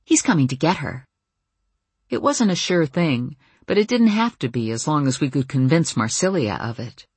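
Brief: animated woman audiobook narrator, husky and dry, wry tone. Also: sits low, normal speed, no room sound. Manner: lively, wry storytelling. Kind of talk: first-person audiobook narration.

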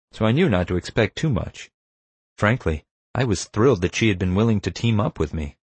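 A man narrating an audiobook in a wry, measured storytelling manner. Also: low-pitched, slightly rough, no echo.

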